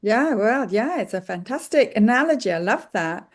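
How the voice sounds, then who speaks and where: A woman hosts a podcast interview, with a voice slightly higher than most. She chats casually and encourages her guest. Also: lively intonation, normal speed. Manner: affirming, chatty. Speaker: podcast host.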